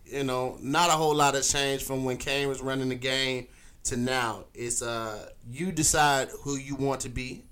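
A man's voice: medium pitch, fairly even intonation, normal speed, a bit bright, clean tone. A man co-hosting a podcast as a comedian, in a joking, profane, teasing manner. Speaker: comedian and co-host. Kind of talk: casual podcast chat.

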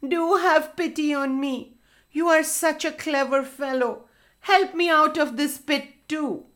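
A woman's voice: fairly high pitch, big pitch swings, slow, a bit bright, full character voice. A woman voicing a proud, boastful male fox who talks in a bossy way in a children's story. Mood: whining. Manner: boastful and bossy, whining when stuck.

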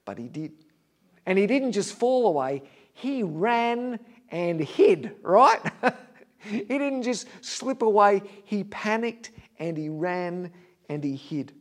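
A preacher tells a story to his congregation in a somewhat higher male voice. He retells it vividly, rising loud and then dropping to a near hush. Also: lively intonation, slow. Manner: vivid retelling, swings between loud and hushed. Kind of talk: sermon storytelling.

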